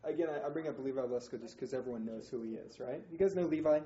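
A man teaching a Bible study group in an informal, animated way, acting out quotes with slang. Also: mid-range voice, fast. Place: indoor room, group class. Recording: roomy, dull, faint noise.

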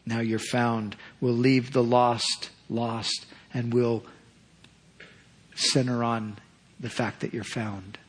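A man preaching a sermon, earnest and measured, repeating phrases for emphasis. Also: medium pitch, husky. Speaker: pastor.

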